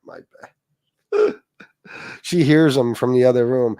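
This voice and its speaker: A man's voice: medium pitch, huge pitch swings, slow pace, long pauses, warm tone, no room sound, studio quality. A middle-aged man hosting a livestream, ranting and mocking a rival with heavy swearing and asides to viewers. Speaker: livestream host. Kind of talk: casual profane rant.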